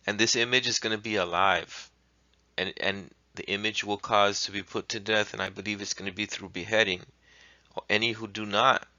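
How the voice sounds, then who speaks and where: A lower-pitched man with a very bright, forceful tone reads scripture and then explains it in his own words. The recording is dry and a bit muffled. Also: dry recording. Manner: reads verses aloud then explains them, with restarts and apologies for misreadings. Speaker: Bible teacher. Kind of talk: scripture reading and teaching.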